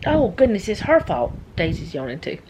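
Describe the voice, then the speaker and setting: A middle-aged woman with a drawl chats away in a loose, rambling manner and drifts off topic. Her voice sits at a middle pitch. A faint hum of noise runs behind her. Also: sing-song, normal speed. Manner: rambling, chatty, easily sidetracked. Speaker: vlogger. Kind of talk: casual chat.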